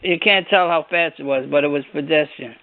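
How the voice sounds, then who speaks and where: A man telling an anecdote in an animated way, laughing and repeating words, on a conference call. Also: a little high, a little fast, no room sound. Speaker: former coach on a reunion call. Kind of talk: casual storytelling. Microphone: telephone. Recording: phone-line conference call, dry.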